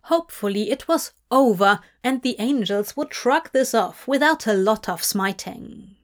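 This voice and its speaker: A woman reads a story aloud at a slow, unhurried pace. Her voice sits fairly high, and her delivery stays even and measured throughout. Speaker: narrator. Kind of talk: scripted storybook narration.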